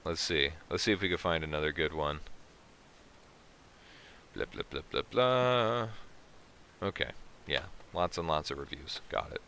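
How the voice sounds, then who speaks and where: A man's voice: a bass voice, fairly even intonation, brisk, pushed and bright, slight background noise. A man hosting a casual livestream, reading chat comments aloud and answering them with profane jokes. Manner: profane, joking, reacting to chat. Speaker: livestream host.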